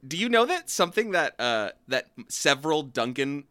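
A man's voice: on the high side, big pitch swings, moderate pace, sharp tone, smooth. A man co-hosting a podcast, ranting profanely and jokingly in casual chat. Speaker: podcast co-host.

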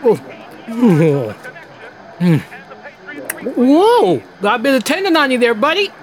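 An actor playing a heavyset, mock-friendly stranger who rambles and taunts in an audio drama. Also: male voice, extremely high pitch, wildly swooping pitch, slow pace, full character voice. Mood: rambling. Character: menacing, playful heavyset man.

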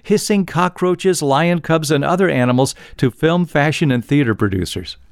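A man's voice: on the high side, normal speed, creaky, no room sound, clean studio sound. A man hosting a casual trivia podcast, telling stories with frequent chuckles. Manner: storytelling, chuckles often. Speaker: podcast host.

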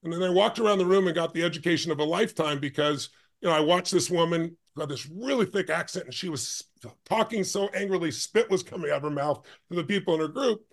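A man who is a guest on a podcast, telling a story in an intense, emphatic way with quick bursts. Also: a little high, gravelly. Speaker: guest, life and business strategist.

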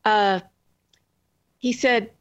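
A woman's voice: fairly high pitch, steady tone, extremely slow, smooth. Rambling woman guest on a dull line. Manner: rambling, lots of fillers and restarts. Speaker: author and guest. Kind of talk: casual interview chat.

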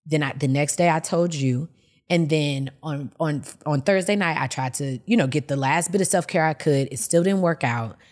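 Low-voiced woman telling a personal story. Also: normal speed, a little mellow. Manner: candid, storytelling, acts out quotes in a high voice. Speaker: podcast host. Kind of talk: casual chat.

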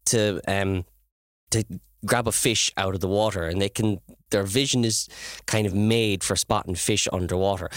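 A man's voice: lowish voice, dry recording, clean studio sound. A man chatting casually and explaining things with enthusiasm. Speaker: podcast co-host. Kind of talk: casual chat.

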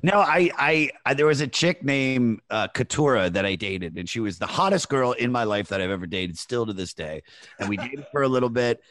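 A comedian chatting casually on a podcast, telling a rambling, animated anecdote full of fillers. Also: male voice, mid-range voice, fairly quick. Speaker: comedian guest. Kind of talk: casual storytelling chat.

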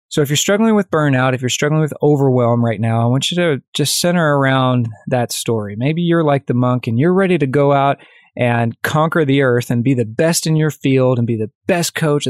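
A man hosting his own coaching podcast, telling a story in a direct, energetic, conversational way. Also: medium pitch, no room sound, clean studio sound.

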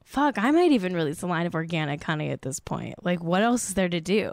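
A woman's voice: lowish voice, very animated, quick pace, creaky, hardly any pauses, no room sound, studio quality. A young woman hosting a casual celebrity gossip podcast, chatty and self-mocking, swearing now and then and saying "like" a lot. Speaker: podcast host.

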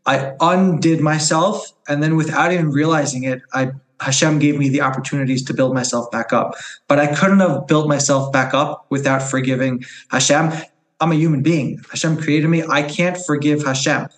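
A man in his forties from New York, speaking as a podcast guest in a fairly high voice. He tells a personal story earnestly and candidly. He often doubles back on his words as he finds them. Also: fairly even intonation, moderate pace, reverberant, low-quality recording.

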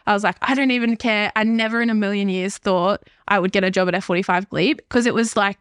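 A young woman, a podcast guest telling a candid, animated personal story. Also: medium pitch, quick pace, smooth, dry recording, studio quality. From Australia.

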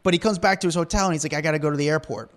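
A man talks quickly and a little high for a man, spinning a rambling celebrity story as a podcast co-host. He jumps into the voices of the people he met, keeping the chat loose and animated. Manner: rambling, animated, acts out quotes.

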